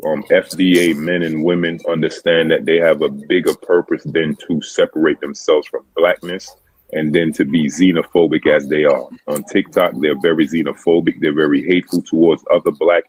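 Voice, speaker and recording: A man's voice: extremely low pitch, fairly even intonation, moderate pace, darkish tone, husky, poor audio. A man from Brooklyn calling in to a heated debate, persistent and calling the host "bro" and "brother". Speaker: caller.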